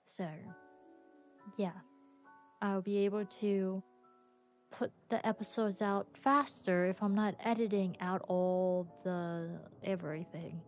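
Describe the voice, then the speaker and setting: Woman stream host, casual rambling chat, nervous laughs, slow delivery. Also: medium pitch, steady tone, darkish tone, faint music behind. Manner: laughs often, talks about herself with a self-conscious, rambling manner.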